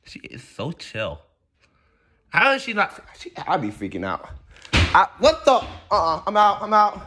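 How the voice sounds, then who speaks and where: A man's voice: high-pitched, wildly swooping pitch, a little slow, sharp tone, soft background music. A young man in a casual comedic monologue at home, jumpy and slangy, often exclaiming. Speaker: comedy skit creator. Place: at home indoors.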